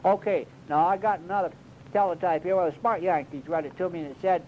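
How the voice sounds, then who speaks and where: A man's voice: high-pitched, fairly quick, slight background noise. A man doing a comic monologue as a cave tour guide, rambling in a folksy drawl with bouts of mock alarm. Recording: dull lo-fi recording.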